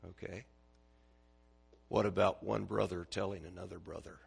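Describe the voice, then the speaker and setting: A man's voice: deep voice, fairly even intonation, normal speed, vocal fry, husky. A man preaching a sermon in church in a folksy way, putting questions to the congregation.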